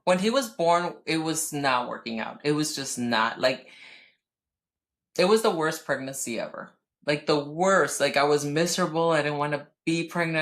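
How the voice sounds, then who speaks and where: A woman in her thirties co-hosting a podcast, telling a personal story in casual chat, blunt and profane, with animated outbursts. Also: low voice. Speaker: podcast co-host.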